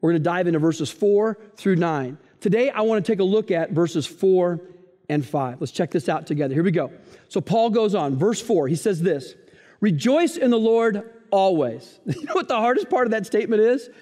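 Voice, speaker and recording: A pastor delivers a sermon in a high, bright-edged voice, and a long reverb trails his words through the hall. He preaches in an animated way, full of playful asides and stories. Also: brisk. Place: church hall.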